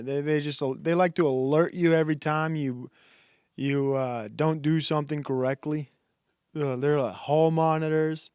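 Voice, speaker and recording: A man's voice: fairly high pitch, a little mellow, clean tone, no room sound, clean studio sound. A man streaming a casual monologue who rambles and halts, with many fillers and restarts.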